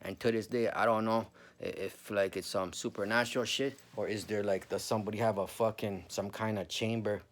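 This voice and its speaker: A man's voice: on the low side, fairly even intonation, a little fast. A man in his forties telling a spooky personal story in a rambling, profane, casual way, calling the listener bro.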